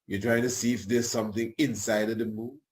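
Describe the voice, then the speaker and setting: A man's voice: lowish voice, fairly even intonation, a little fast, darkish tone. A man hosting a radio show, talking in a rambling, colloquial way with tag questions and chuckling asides. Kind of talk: casual radio talk.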